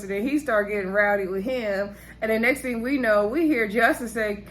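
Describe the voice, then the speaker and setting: A woman's voice: medium pitch, normal speed, few pauses, fairly bright tone. A woman giving a casual, chatty recap of a reality show episode, speaking straight to her viewers and laughing often.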